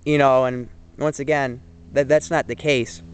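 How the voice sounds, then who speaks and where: A man's voice: mid-range voice, fairly even intonation, measured pace, slight background noise. A young man in his twenties giving an earnest, rambling opinion monologue, full of fillers and restarts. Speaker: vlogger. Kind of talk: casual opinion monologue to camera.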